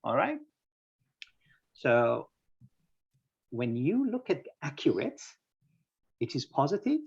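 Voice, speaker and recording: Gravelly-voiced male English teacher online. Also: medium pitch, huge pitch swings, slow, a little mellow, dull audio. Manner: patient, quizzes students by name. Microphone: video call.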